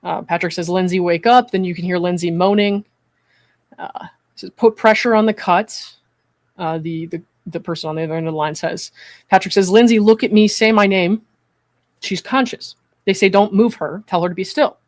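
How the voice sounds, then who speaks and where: A measured, earnest commentator talks at a middle pitch, often pausing to check in with the listener. The sound is dry and close, with no room around it. Their delivery moves steadily between reading a transcript and giving their own view. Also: steady tone, dry recording. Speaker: psychiatric evaluator hosting a commentary stream.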